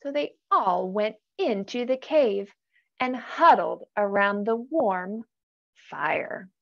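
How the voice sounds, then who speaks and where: Animated woman reading a picture book. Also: mid-range voice, slow pace, vocal fry, highs cut off. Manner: animated, gasps, asks listeners questions. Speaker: storytime reader.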